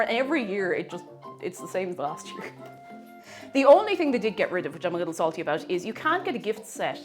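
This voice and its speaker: Chatty woman with a lively voice. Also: medium pitch, fast, soft background music. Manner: chatty, greets viewers by name. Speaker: baking livestreamer. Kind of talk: casual chat while baking.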